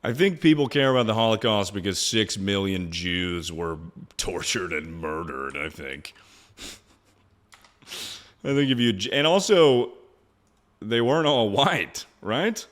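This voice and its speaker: A man's voice: lowish voice, lively intonation, a little slow, fairly bright tone. A man streaming live, chatting loosely and jokingly, swearing often and calling everyone "dude". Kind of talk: casual livestream chat.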